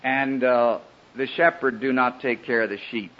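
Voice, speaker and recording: A man preaching a sermon in an earnest, pleading way, with a husky voice. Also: mid-range voice, fairly even intonation, normal speed. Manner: earnest, pleading, rising and falling emphasis. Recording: dull lo-fi old sermon recording.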